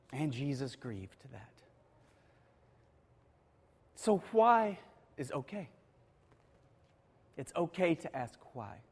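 A man preaching a sermon, moving between hushed, quiet passages and emphatic, rising declarations. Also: high voice. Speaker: pastor. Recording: long reverb of a large hall.

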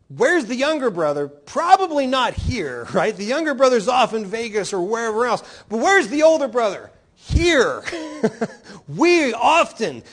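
Middle-aged male pastor, lively sermon delivery, high voice with lots of swing, keeps asking the congregation rhetorical questions. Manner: animated, rhetorical questions, voicing quoted speakers.

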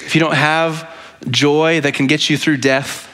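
High-pitched guy preaching, talks like a conversation, keeps saying "right?". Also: level tone, unhurried, sharp tone. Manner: conversational, frequently asks "right?"; earnest, with repeated restarts. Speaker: pastor. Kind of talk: sermon.

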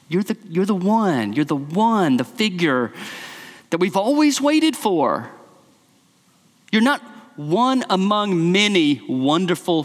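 A man's voice: high-pitched, a bit bright. A man preaching a sermon, emphatic and repeating key phrases for stress, in a church sanctuary. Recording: long reverb of a large hall.

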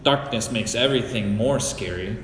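A middle-aged man from the Great Lakes region of the US, preaching a sermon as a pastor in a slow, deliberate storytelling manner with personal anecdotes, recorded in a church sanctuary. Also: fairly low pitch, fairly bright tone, slight background noise. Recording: echoey hall with long reverb.

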